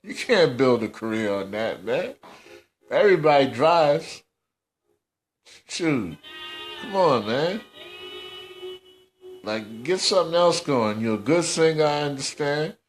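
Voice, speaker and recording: A man's voice: fairly high pitch, animated, slow pace, pauses often, faint music behind. A man hosting a casual commentary podcast, scolding in slangy, repetitive talk. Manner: scolding, slangy, repeats himself. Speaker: host.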